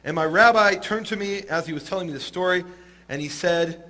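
A man telling a story in an animated, amused way to a listening audience. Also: a little high, brisk. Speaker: speaker. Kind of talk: storytelling talk.

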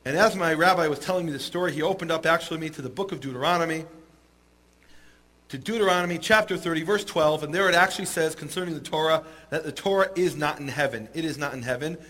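A man telling a story in an animated, amused way to a listening audience. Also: on the high side, fast. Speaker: speaker. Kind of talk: storytelling talk.

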